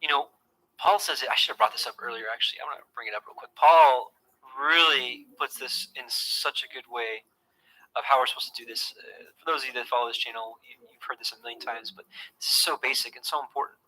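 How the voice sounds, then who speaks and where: A man's voice: medium pitch, fairly even intonation, fast talker, sharp tone, low-quality recording. A man teaching scripture to his online audience in an earnest, conversational way, often repeating words and restarting his sentences.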